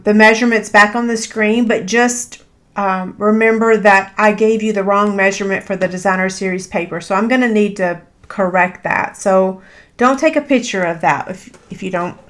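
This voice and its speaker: A woman's voice: medium pitch, normal speed, fairly bright tone. A woman, teaching a live crafting tutorial in a chatty, self-deprecating way with frequent fillers. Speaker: paper craft instructor.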